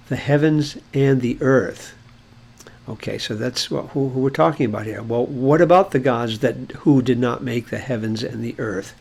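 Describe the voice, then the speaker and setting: A man's voice: medium pitch, vocal fry, darkish tone, slightly rough. A man teaching a language lesson in a casual explanatory way, thinking aloud with many fillers and restarts. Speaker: Hebrew teacher.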